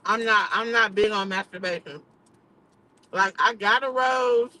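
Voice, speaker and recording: Bright-voiced woman in frank livestream chat. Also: medium pitch, a little slow, rough recording. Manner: candid, profane, laughs often. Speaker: livestream host.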